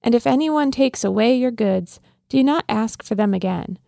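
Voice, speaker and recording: A woman's voice: fairly high pitch, lively intonation, normal speed, vocal fry, dark tone, no echo, studio quality. A woman co-hosting a church podcast, chatting easily and reading scripture aloud. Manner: laughs easily, reads steadily. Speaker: podcast co-host. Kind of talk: casual chat and scripture reading.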